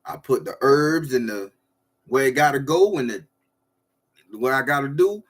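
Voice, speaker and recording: A man hosts a casual livestream. He rambles loosely and talks straight to his viewers, with a voice of ordinary, middling pitch. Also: lively intonation, moderate pace. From southern Florida. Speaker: livestream host.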